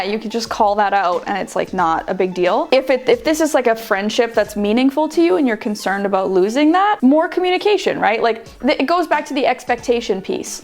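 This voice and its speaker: High-voiced woman host, chatty. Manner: laughs often, explains with examples. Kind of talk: casual chat.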